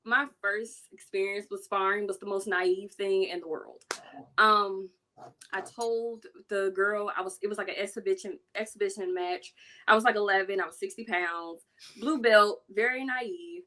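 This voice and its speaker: A young woman, telling a lively story in casual chat and acting out voices in her quotes. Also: moderate pace, slight background noise. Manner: animated, acts out quotes with big pitch jumps. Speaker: self-defense business owner, guest.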